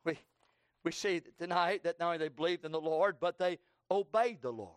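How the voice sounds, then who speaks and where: A man preaching a sermon with fervor, swinging between loud cries and hushed tones and repeating his phrases for emphasis. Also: on the high side, brisk, clean tone, no room sound.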